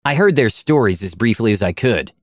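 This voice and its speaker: A man doing a silky, cold lizardfolk gentleman. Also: lowish voice, lively intonation, no echo, clean studio sound. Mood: measured. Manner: measured, quietly menacing. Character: calm gentleman male lizardfolk, cold-eyed, self-assured.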